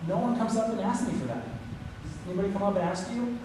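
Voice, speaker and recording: Guy preaching, kinda high voice, super echoey church, noisy recording. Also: sing-song, brisk. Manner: storytelling preacher, voicing quoted lines with rising pitch. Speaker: pastor. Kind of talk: sermon. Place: church sanctuary. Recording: echoey hall from far off with noise.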